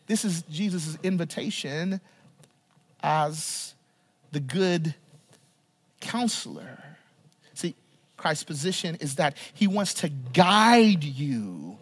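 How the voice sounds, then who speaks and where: Pastor preaching with sudden quiet drops. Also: male voice, high voice, sing-song, unhurried, breathy edge. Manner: asks the congregation to fill in words, frequent "right?"; stumbles and repeats words while talking freely. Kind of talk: sermon.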